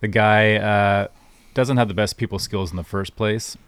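A man's voice: fairly low pitch, steady tone, normal speed, fairly bright tone, smooth, dry recording. A man co-hosting a podcast who tells stories in a dry, matter-of-fact way. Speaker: podcast co-host. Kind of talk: casual storytelling.

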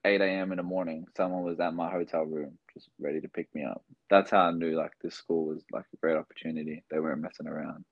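Sounding low-pitched over phone-quality audio with no room sound, a young Australian basketball player appears as an interview guest. His storytelling is casual, rambling and loaded with fillers, delivered in an Australian accent.

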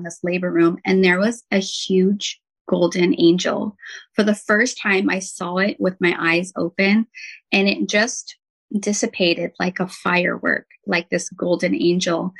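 Earnest woman with a gravelly edge. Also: medium pitch, low-quality recording. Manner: earnest, heartfelt, with frequent "um" and "like". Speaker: podcast guest, intuitive healer and nurse. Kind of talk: personal storytelling in conversation.

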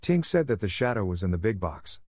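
Low-voiced man reading a storybook. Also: big pitch swings, brisk, darkish tone, breathy edge, no echo. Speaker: narrator. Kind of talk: scripted storybook narration.

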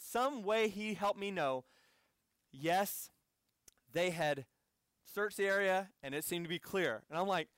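High-voiced American man preaching. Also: lively intonation, moderate pace, a bit bright, dry recording, studio quality. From United States. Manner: conversational storytelling with asides to the audience. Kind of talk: sermon.

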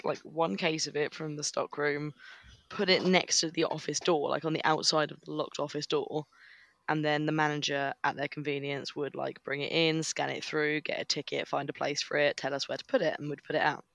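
Man, gravelly voice, slightly high, dry close sound, crude wry storytelling. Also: level tone, moderate pace, fairly bright tone, dry recording. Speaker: podcast co-host. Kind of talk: casual storytelling chat.

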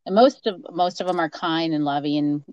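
A woman's voice: low voice, fairly quick, darkish tone, clear, resonant tone, no echo, dull audio. A woman guest in a casual conversation, talking thoughtfully and hesitantly. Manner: thoughtful, hesitant, many fillers and restarts.

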